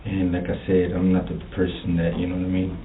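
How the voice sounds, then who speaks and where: A man's voice: sits low, monotone, a little fast, distant mic, narrow, tinny audio. Man, rambling confession, filler-heavy, echoey interview room, faint hum. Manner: rambling, repeats filler phrases, rises agitated. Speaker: murder suspect in police interview.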